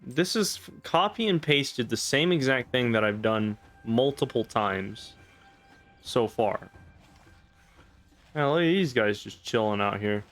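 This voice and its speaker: A man's voice: medium pitch, animated, measured pace, a bit bright. Sardonic young man commenting on gameplay. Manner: sardonic, swears, mocks the story. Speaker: let's play host. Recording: faint background game music.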